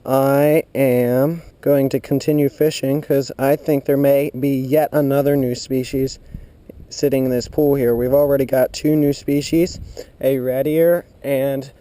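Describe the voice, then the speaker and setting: Excitable man narrating a fishing vlog. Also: mid-range voice, measured pace. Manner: excitable, gasps and cheers at bites. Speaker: fishing vlogger. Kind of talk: excited outdoor vlog commentary. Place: outdoors by a pool of water.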